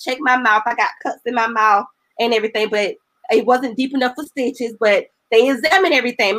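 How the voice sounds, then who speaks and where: A woman's voice: sits high, a bit bright. A woman evangelist, a guest on the show, telling her personal testimony in an earnest, emotional, colloquial storytelling way.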